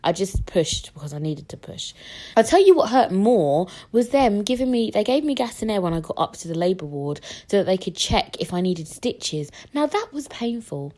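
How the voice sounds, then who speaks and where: A young woman hosts her podcast and tells stories casually. She is animated and slips into the voices of the people she quotes. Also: medium pitch, normal speed. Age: young adult. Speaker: podcast host. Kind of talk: casual storytelling.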